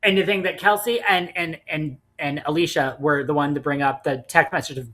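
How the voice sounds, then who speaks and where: Low-voiced woman bluntly recapping reality TV. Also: brisk, few pauses. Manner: blunt, animated, swears freely. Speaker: podcast co-host. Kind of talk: casual reality TV recap chat.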